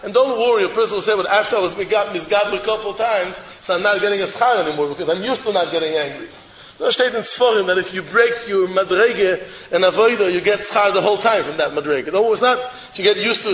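High-voiced preacher in an echoey hall. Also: male voice, a little hiss or hum. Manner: emphatic, repeats rhetorical questions, sometimes shouts. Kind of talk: sermon. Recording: echoey hall with faint ambience.

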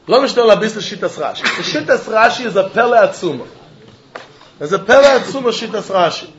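A man teaching a Talmud class, arguing through the text in an animated way and throwing pointed questions at his students. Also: high voice, fast, dull audio, noisy background. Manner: animated, argumentative, mixing Yiddish and Hebrew terms into English.

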